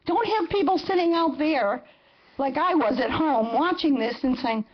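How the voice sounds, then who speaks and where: Indignant high-voiced woman in her seventies. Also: expressive, normal speed, muffled recording. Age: 70s. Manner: indignant, emphatic, repeats phrases for force. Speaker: resident giving public comment. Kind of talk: impassioned public comment at a council meeting.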